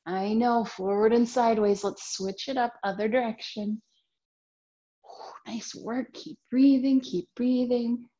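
A young woman leads a children's yoga class, with a fairly high voice and a slow, unhurried pace. She talks in a gentle, sing-song way, cheering the kids on through each pose. The sound is dull and lo-fi, like a home camera recording. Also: fairly even intonation. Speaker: kids' yoga teacher. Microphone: camera mic.

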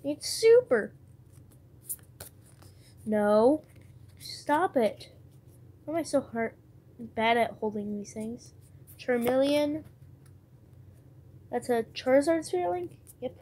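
A woman chatting casually to herself and her viewers while opening trading card packs, muttering card names and breaking into excited cheers. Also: sits high, takes it slowly, pauses often.

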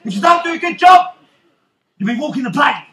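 A man's voice: extremely high pitch, expressive, brisk, fairly bright tone, echoey room. An actor playing a swaggering, rum-loving male pirate captain in a live children's stage show, teasing and calling out to the crowd. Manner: theatrical, teasing, calls out to the crowd. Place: theatre stage.

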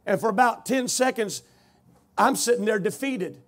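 A man preaching a revival testimony, telling his story with rising shouted intensity. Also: sits high, normal speed. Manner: storytelling, builds to loud shouting.

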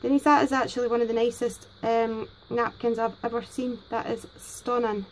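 Scottish lady crafter vlogging, high voice, excited and kinda nervous, chatty. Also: normal speed, a little hiss or hum, low-quality recording. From Scotland. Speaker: crafting channel host. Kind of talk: casual unboxing vlog.

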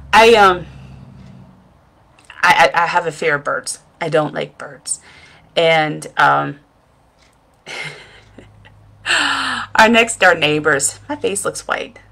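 This middle-aged vlogger and makeup seller sits at home talking into her webcam, spinning a rambling, self-mocking tale and chuckling at herself. She has a fairly low, gravelly voice that comes across bright and forceful in this casual storytelling vlog.

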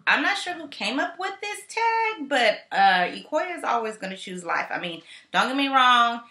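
A woman's voice: on the high side, sing-song, normal speed, bright, forceful tone. Chatty woman vlogger, echoey room. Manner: chatty and playful, with slang asides. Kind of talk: casual chat. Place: home in California.

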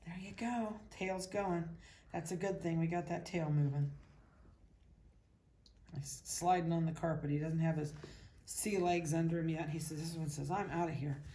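A woman's voice: sits low, steady tone, moderate pace, pauses often, dark tone. Woman cooing at puppies. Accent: Midwestern American. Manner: cooing baby talk to puppies, voicing their thoughts. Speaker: dog breeder. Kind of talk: casual chat to puppies and camera. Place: indoors at a kennel.

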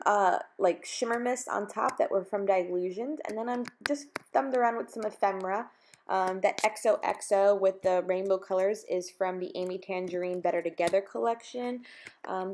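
A young woman from South Florida, chatting casually through a scrapbooking voice-over, full of ums and fillers. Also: lowish voice. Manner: chatty, filler-heavy, warm about her dogs. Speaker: scrapbooking vlogger.

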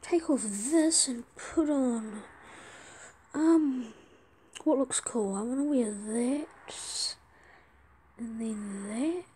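Casual gaming host, woman, chatty and excitable, high voice with a soft, dark tone. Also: extremely slow, pauses often, slight background noise. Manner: excitable, chatty, pleading for trades. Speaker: gaming video creator. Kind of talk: casual let's-play commentary.

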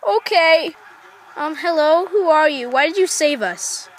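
A woman's voice: sits high, expressive, unhurried, a little hiss or hum. A woman voicing a jumpy, frightened lady who nervously asks one question after another. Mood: scared, questioning. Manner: nervous, keeps asking questions.

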